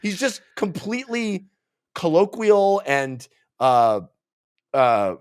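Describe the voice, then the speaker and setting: Exasperated man ranting with lively pitch. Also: slow, clean tone. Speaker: podcast co-host. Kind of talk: casual film review chat.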